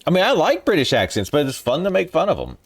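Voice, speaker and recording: A man's voice: fairly high pitch, wildly swooping pitch, quick pace. Profane, ranting game streamer guy. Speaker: gaming streamer. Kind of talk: let's play commentary.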